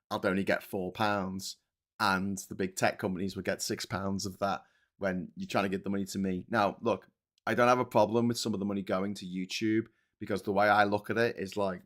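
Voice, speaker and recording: A man in a casual livestream, talking over the chat in a rambling, blunt way full of ums and the odd swear word. His voice sits a little low for a man. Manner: rambling and blunt, with frequent swearing and filler words. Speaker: livestream host.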